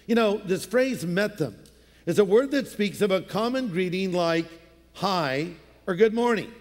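A pastor with a high-pitched voice delivers a sermon from a stage mic, his words ringing through a long church-hall reverb. He tells his story in an easy, conversational way, now and then slipping into playful voices.

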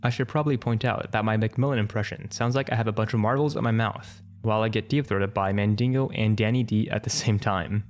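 A man narrating an internet story for comic effect in a brisk, wry, matter-of-fact way. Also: on the low side, fairly even intonation.

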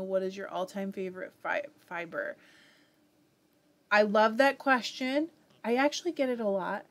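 A woman with a Southern US accent and a medium-pitched voice hosts a live fiber arts stream. She chats casually, reads viewer comments aloud, and laughs frequently.

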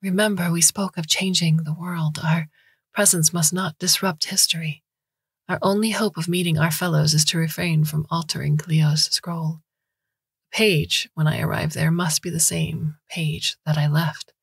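A woman's voice: low-pitched, steady tone, normal speed, gravelly, slightly rough, no room sound, studio quality, exaggerated voice. A woman voicing a tiny oracle creature that lives in a vase, speaking in a faint, metallic, earnest whisper. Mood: urgent.

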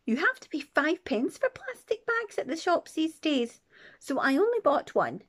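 A woman voicing a daring, sweet old grandmother who speaks in a hushed, lowered voice. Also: very animated, normal speed.

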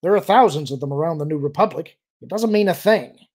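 Audiobook: a man doing a brash male pilot, impatient, growling, gravelly, husky. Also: on the high side, animated, fairly quick, darkish tone, pitched above the performer's own voice.

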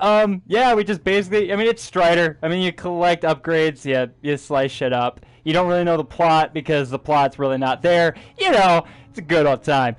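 A young man streaming a video game, joking excitedly and swearing as he plays, laughing at his own jokes. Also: fairly high pitch, moderate pace, few pauses, smooth. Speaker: gaming livestreamer. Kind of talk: casual let's-play commentary. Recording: game music playing behind the voice.

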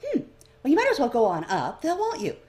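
A woman voicing a brisk, offhand man in a storybook reading. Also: sits high, wildly swooping pitch, darkish tone, pitched above the performer's own voice.

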